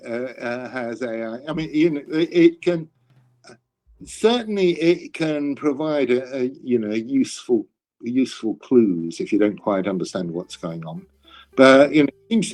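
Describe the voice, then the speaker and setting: A man's voice: medium pitch, a little mellow. Hesitant older man with dry humor. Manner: hesitant, stammering restarts, dry self-mocking humor. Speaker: classics scholar. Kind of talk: conversational interview.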